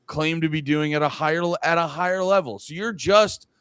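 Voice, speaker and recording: A man's voice: a little high, fairly quick, a bit bright, smooth, dry recording. A man co-hosting a podcast in crude casual banter, rambling and restarting often. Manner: rambling, restarts often, quotes others in mock voices. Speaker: podcast co-host.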